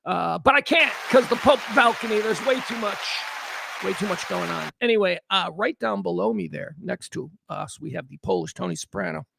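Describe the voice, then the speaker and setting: Gravelly, bright-voiced man rambling. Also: high voice, moderate pace, no room sound. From south side of Chicago. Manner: rambling, wry, animated asides. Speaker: livestream host. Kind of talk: casual livestream chat.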